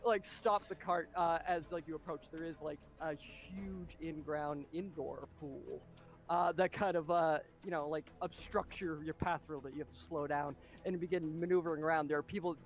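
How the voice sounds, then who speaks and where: A man narrating as game master of a tabletop game, excitable and full of fillers and spoken sound effects. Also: a little high, normal speed, soft background music.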